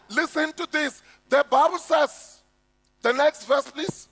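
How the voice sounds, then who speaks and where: South African pastor, emphatic sermon, unhurried delivery, echoey hall. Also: male voice, extremely high pitch, fairly bright tone. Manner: emphatic preaching, rhetorical questions to the congregation. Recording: echoey hall with faint music.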